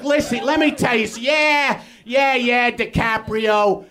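A middle-aged man with a New York accent shouting an angry comic rant on stage, then dropping into mumbled asides. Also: very high voice, unhurried. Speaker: comedian doing a rant segment. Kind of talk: ranting stand-up bit on a live podcast. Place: small comedy theater stage with audience. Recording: live theater audience audible.

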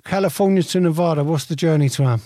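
A man with a somewhat high voice trading casual banter as a podcast co-host. He is blunt and swears often. The recording is dry with no room sound. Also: fast, mellow, no echo. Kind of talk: casual chat.

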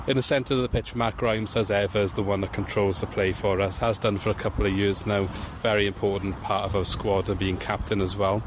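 A man guesting on a podcast, giving a measured, even-toned match preview. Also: fairly low pitch, background noise. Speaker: guest fan from another podcast. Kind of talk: casual podcast chat.

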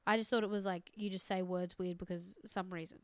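A woman's voice: on the low side, brisk, clear, resonant tone, no echo, clean studio sound. A young woman, chatting in an easygoing way as a podcast co-host. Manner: easygoing, agreeable, animated when telling stories. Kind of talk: casual chat recapping a dating show.

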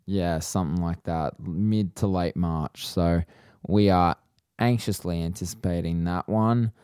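A man co-hosting a casual podcast, with a low voice and an easygoing way of talking. The recording is dry and close, without room sound. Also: unhurried, clean tone, no echo. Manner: relaxed, explains at length, reads the outro. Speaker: podcast co-host. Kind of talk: casual chat.

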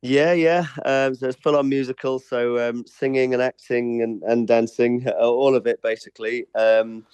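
A man's voice: mid-range voice, flat delivery, moderate pace, few pauses, a little mellow, clear, resonant tone, no echo. A man from England, a stage performer being interviewed, chatting casually and laughing easily.

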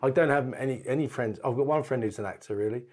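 Middle-aged man telling stories lively. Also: medium pitch, fast talker. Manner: lively, laughing, swears casually. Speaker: podcast guest. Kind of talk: anecdotal storytelling.

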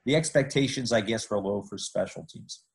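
A man's voice: fairly low pitch, moderate pace, creaky, rough recording. Man telling sports history with jokes. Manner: lively storytelling with joking asides. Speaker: sports podcast host. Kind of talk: casual sports history narration.

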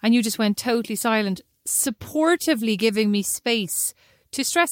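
A woman co-hosting a casual chat show, telling self-deprecating stories in an animated way. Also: a little high, moderate pace, hardly any pauses, no echo, studio quality. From Ireland. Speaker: podcast co-host.

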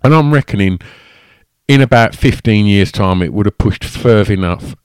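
A man with an Essex accent hosts a casual podcast chat. His voice sits very low and sounds dry and close to the mic. He talks loosely, looping through fillers and restarts. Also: animated, normal speed, smooth, no room sound. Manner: chatty, rambling, lots of fillers and restarts. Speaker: podcast host.

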